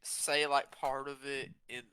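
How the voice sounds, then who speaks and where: A man's voice: mid-range voice, flat delivery, a little slow, bright, forceful tone, smooth. A man playing a tabletop game, laid-back and asking questions. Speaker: player. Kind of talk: casual tabletop play.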